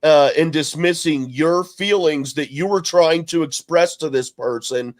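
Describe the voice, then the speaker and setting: A blunt man co-hosting a podcast, speaking a touch higher than most men. He chats casually but with an edge, swearing, saying "dude" and circling back over his points. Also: measured pace. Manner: blunt, swears, says "dude", repeats himself. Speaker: podcast co-host. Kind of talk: casual chat.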